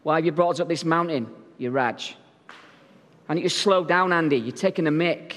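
A man's voice: fairly high pitch, brisk, fairly bright tone, in a large hall, natural voice. A man doing grumbling worn-out women hikers. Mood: exasperated.

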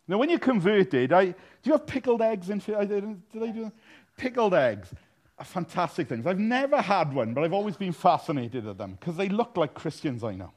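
A man's voice: on the high side, very animated, moderate pace, a little mellow. Humorous male preacher. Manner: humorous anecdotal, self-deprecating, laughs at own jokes. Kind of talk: sermon with storytelling.

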